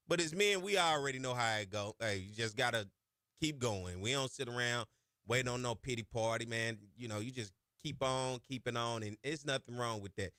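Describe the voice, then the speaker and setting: A man hosting a sports talk radio show, chatting casually in folksy slang and getting loud and high when he hypes a point. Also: moderate pace, dry recording, clean studio sound. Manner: folksy Southern slang, chatty asides to his producer. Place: radio studio. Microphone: studio microphone.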